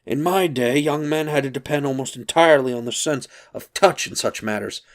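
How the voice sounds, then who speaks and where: A man's voice: mid-range voice, a little fast, voice pushed up, close to an everyday voice. A man reading aloud, voicing a thin, crouched old grandfather who wheezes and grates with mischievous glee. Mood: amused. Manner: wheezy, grating, chuckling.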